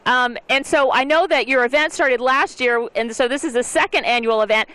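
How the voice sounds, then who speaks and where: A woman's voice: sits high, a little fast, a bit bright. A woman hosting local TV promo interviews in the street, bubbly, joking and exclamatory. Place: outdoors in a town street.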